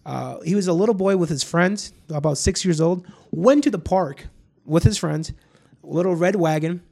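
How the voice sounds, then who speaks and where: Gravelly-voiced rambling podcast host, a man. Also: high-pitched, moderate pace, dark tone. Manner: rambling, profane, storytelling with many restarts. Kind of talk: casual chat.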